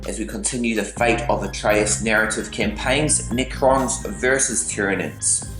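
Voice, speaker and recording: A man's voice: fairly low pitch, steady tone, moderate pace, fairly bright tone, reverberant, soft background music. A man casually commentating a tabletop wargame battle, chatty with playful asides. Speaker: battle report host.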